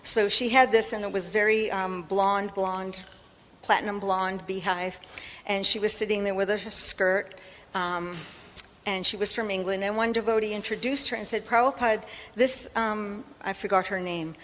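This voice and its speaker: A woman's voice: medium pitch, steady tone, normal speed, a bit bright. An older woman telling a personal story on a panel, chatty with many ums, laughing as she goes. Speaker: panel speaker. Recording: reverberant hall with faint noise.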